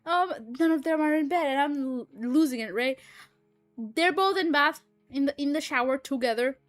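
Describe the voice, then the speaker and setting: A woman's voice: high-pitched, normal speed, no echo, faint music behind. A young woman streamer chatting casually and telling a story with lots of laughter and some swearing. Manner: animated, laughing often, swearing freely. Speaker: streamer and voice actor. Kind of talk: casual chat recounting a story.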